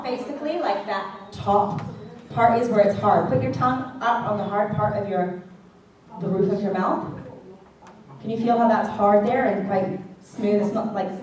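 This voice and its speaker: A woman's voice: mid-range voice, recorded from a distance. A woman teaching a singing class as vocal coach, chatty and checking in with the class often, with sung demonstrations. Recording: echoey classroom recorded from afar.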